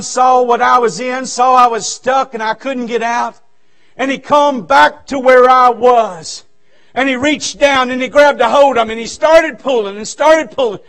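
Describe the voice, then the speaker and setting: High-voiced shouting preacher. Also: male voice. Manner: fervent, shouting, folksy. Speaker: guest revival preacher. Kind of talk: revival sermon. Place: church sanctuary.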